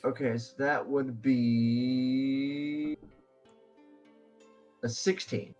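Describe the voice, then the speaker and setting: A man's voice: mid-range voice, little pitch movement, extremely slow, a little mellow, faint music behind. A man speaking as a player in a tabletop game, giving laid-back, brief replies. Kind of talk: casual chat at a tabletop game.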